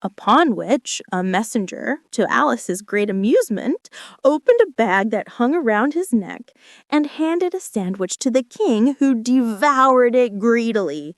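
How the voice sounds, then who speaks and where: Gentle woman reading a bedtime story. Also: animated, measured pace, no echo, clean studio sound. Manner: gentle, acts out voices with wide pitch swings. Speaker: narrator.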